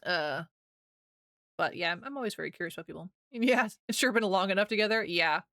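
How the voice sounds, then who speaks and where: A woman's voice: fairly low pitch, expressive, a little fast, fairly bright tone, no echo, studio quality. A young American woman streaming live, chatting casually with her viewers, rambling and laughing often as she reads chat aloud.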